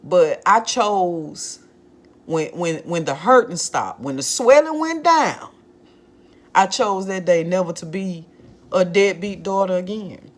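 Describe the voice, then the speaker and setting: A woman's voice: on the low side, expressive, slow pace. A woman vlogger candidly telling a personal story in a conversational monologue, often using "like" as a filler.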